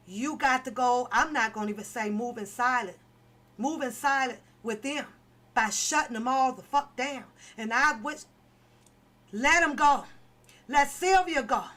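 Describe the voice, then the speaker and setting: A woman's voice: high-pitched, a bit bright. A woman commentator delivering an impassioned, profane opinion rant, pleading and repeating herself for emphasis. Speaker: online commentator.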